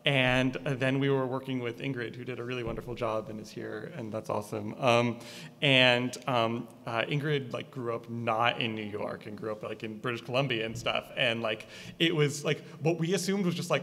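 Brief: East Coast man, gravelly voice, rambling filmmaker chat with lots of likes, echoing hall. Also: mid-range voice, fairly even intonation, a bit bright. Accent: East Coast American. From Connecticut. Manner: halting, many fillers and likes. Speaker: filmmaker discussing his film. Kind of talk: casual conversation at a screening. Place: art gallery. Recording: reverberant gallery space.

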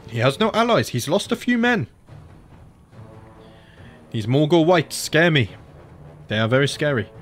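A man's voice: mid-range voice, big pitch swings, moderate pace, pauses often, faint music behind. An Australian man streaming a strategy game, chatting casually, thinking aloud and muttering as he clicks through menus. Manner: chatty, thinks aloud, mutters and self-corrects, frequent mild swearing. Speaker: gaming streamer. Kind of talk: casual live-stream commentary while playing a strategy game.

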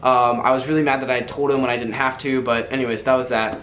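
Fast-talking young man in echoey room. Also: medium pitch, level tone, a bit bright, slight background noise. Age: young adult. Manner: fast, earnest, filler-heavy with frequent "like". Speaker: vlogger. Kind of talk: personal storytelling to camera.

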